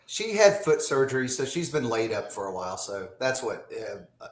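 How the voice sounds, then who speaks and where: A male guest on a live video-call panel talks with animated energy and protests when he is teased. His pitch moves around a lot as he speaks. The room around him adds a noticeable echo. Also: normal speed. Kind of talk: casual livestream chat. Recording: roomy echo.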